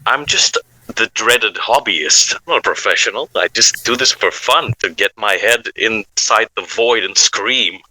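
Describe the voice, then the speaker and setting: A man's voice: fairly low pitch, measured pace, pushed and bright, dry recording, rough recording. A man from Belgium, a hobbyist voice actor, chatting and joking on a live podcast. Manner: joking, self-mocking, laughs often. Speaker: voice actor guest. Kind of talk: casual live podcast chat.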